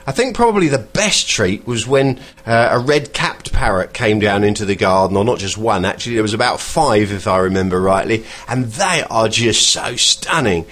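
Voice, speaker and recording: A man hosting a podcast, chatting in a rambling way and pausing to search for words. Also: fairly low pitch, animated, a bit bright. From England. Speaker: podcast host. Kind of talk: casual podcast monologue.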